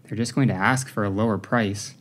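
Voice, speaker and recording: A man's voice: fairly low pitch, steady tone, brisk, a little hiss or hum, natural voice. A man voicing a petulant thirteen-year-old boy who questions his mother.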